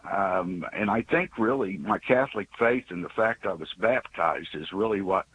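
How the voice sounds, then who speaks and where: A man in his sixties calling in to a radio show by phone, telling a story with many halting restarts and fillers. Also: sits low, a bit bright, highs cut off, a little hiss or hum. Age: 60s. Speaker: radio caller. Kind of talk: call-in storytelling. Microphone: phone call.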